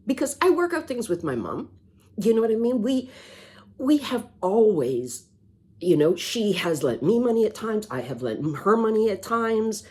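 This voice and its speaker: A middle-aged woman telling a personal story in a vlog, halting and sighing, often restarting her words. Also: medium pitch, big pitch swings, a little mellow, breathy edge. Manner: halting, repeats words, sighs. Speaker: vlogger.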